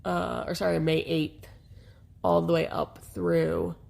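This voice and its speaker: A woman co-hosting a podcast in casual chat, hoarse and congested, talking frankly and laughing often. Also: lowish voice, flat delivery, slow pace, a little mellow. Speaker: podcast co-host.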